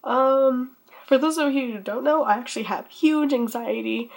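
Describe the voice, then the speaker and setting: A woman's voice: a little high, normal speed. A teenage girl making an anxious vlog plea, panicked and sighing, repeating herself, near hyperventilating in her bedroom. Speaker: channel owner.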